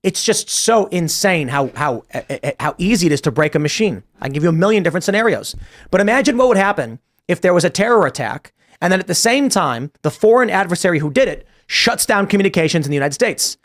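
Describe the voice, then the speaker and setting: A man hosting a political panel show, talking fast and acting out quoted shouts as he tells stories. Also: high-pitched, lively intonation. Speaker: host.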